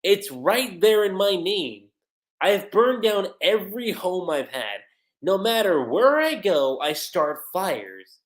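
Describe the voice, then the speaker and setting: A livestreamer voicing a gloomy, lonely female fire cat in a low, shadowy voice while retelling a manga chapter. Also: big pitch swings, takes it slowly, roomy sound. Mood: sorrowful.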